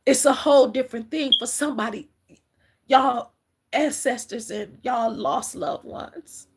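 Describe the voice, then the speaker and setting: A middle-aged woman gives an emotional, halting spiritual message on a livestream, often calling her viewers "collective.". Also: on the high side, noisy background. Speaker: spiritual reader.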